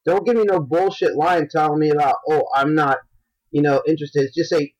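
A man co-hosting a podcast in casual chat, dropping deadpan wisecracks and blunt, profane complaints. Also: on the high side, a little fast, lo-fi sound. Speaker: podcast co-host.

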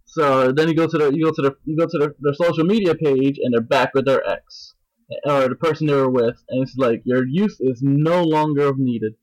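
A man's voice: a little high, fairly even intonation, fairly quick, no room sound, low-quality recording. Rambling, cussing man venting on a podcast. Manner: rambling, profane, mimics voices. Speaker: podcast co-host. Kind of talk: casual chat, venting.

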